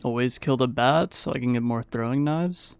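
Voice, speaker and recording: A man recapping his gameplay in a casual, playful voice-over, the way a gaming channel host talks his audience through a match. His voice sits at a middle pitch with a gravelly, fry-touched edge, while staying smooth and clear. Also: normal speed, no echo. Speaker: gaming YouTuber.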